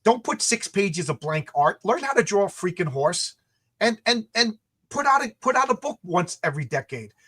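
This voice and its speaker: A man with a notably high voice, talking fast and heated on a livestream. He rants, swears and keeps acting out little quoted exchanges as he goes. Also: breathy edge. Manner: animated, ranting, acts out quotes. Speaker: comic creator and channel host.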